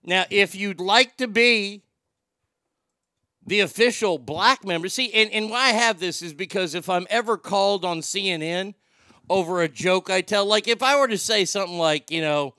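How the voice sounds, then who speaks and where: A man's voice: sits high, normal speed, pushed and bright, clean tone, dry recording, clean studio sound. A man from Oklahoma hosting a livestream, reading out viewer comments with jokes and banter. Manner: bantering, joking, reads comments aloud. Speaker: livestream host.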